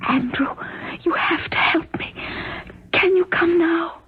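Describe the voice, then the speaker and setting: A frightened British countess who pleads and begs with a British accent. Her voice sits fairly high, breathy and husky, and jumps around in pitch. The sound is thin and tinny, like an old radio broadcast. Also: expressive, normal speed. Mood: pleading. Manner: desperate, pleading, tearful. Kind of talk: 1970s radio drama acting.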